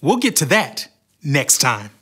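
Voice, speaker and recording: A man narrating a Bible story on a children's show with expressive storytelling. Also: mid-range voice, measured pace, breathy edge.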